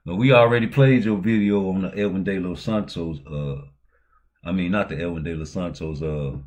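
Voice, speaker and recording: A man hosting a boxing talk show, chatting casually in animated, slangy, profane language. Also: deep voice. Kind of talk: casual chat.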